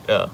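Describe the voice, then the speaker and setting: A man's voice: pushed and bright, slight background noise. A man hosting a casual livestream from home, reading out the chat and rambling playfully, slipping into voices when he retells stories.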